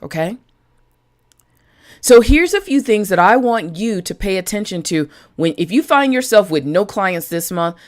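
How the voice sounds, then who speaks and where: Chatty woman coaching her viewers. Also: medium pitch. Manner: chatty, direct, greets viewers by name. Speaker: business coach. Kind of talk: live-stream talk to viewers.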